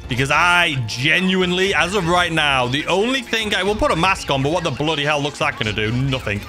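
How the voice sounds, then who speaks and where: A young man talks his way through a stressful game run, mostly muttering and then exclaiming in alarm. His voice is fairly high and bright, and it swings widely. Faint game music sits under him. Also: lively intonation, brisk. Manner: anxious, self-talking, frequently exclaiming. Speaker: gaming YouTuber. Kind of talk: live gameplay commentary.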